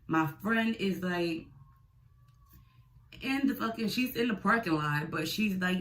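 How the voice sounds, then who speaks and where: A young woman vlogger telling a storytime tale, blunt and profane, animated and chatty. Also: on the low side, slight background noise, rough recording. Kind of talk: storytime vlog.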